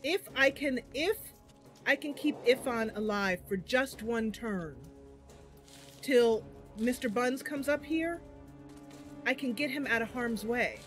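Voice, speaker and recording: A woman commentating her own game stream in a slow, unhurried way, her voice bright and forceful. She thinks through each move aloud and bursts into loud cries when things go wrong. Faint game music plays behind her. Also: fairly high pitch, lively intonation.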